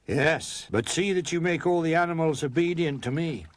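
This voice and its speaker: A man's voice: a little high, normal speed, no room sound, pitched above the performer's own voice, lightly acted. A man voicing a bossy, demanding first man who complains. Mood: complaining.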